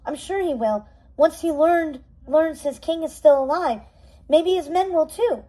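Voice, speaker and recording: A woman's voice: sits high, unhurried, warm tone, voice pushed up. A woman voicing a determined young heroine who speaks urgently and breathlessly, read aloud from a storybook. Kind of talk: storybook readaloud.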